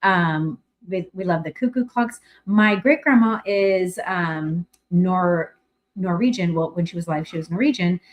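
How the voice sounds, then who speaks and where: A middle-aged woman from California hosting a casual livestream chat. She rambles through her talk with plenty of fillers and restarts and turns bright and effusive when she greets viewers. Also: on the low side, a little slow, highs cut off. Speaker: livestream host.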